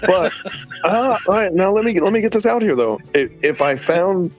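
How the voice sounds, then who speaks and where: A man's voice: high voice, expressive, normal speed. Laid-back guy rambling thru stories, kinda dull audio, faint music behind. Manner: rambling storyteller, drawling, says "man" often. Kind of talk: casual banter.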